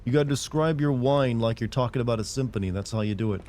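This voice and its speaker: A man's voice: medium pitch, fast talker, hardly any pauses, darkish tone, a little hiss or hum. A young man streaming a video game, joking and rambling in a casual, playfully mocking way. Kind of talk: casual live-stream commentary.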